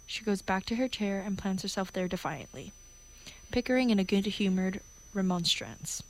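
A woman reading the stage directions of a play, quiet and plain. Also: mid-range voice, moderate pace, low-quality recording. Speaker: narrator.

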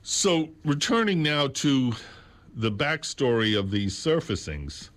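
A man hosting a radio show from a studio, talking in an unscripted way and slowly spelling out catalog numbers. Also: medium pitch, sing-song, fairly bright tone. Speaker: radio host. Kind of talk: unscripted radio talk about records. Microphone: studio mic on a stand.

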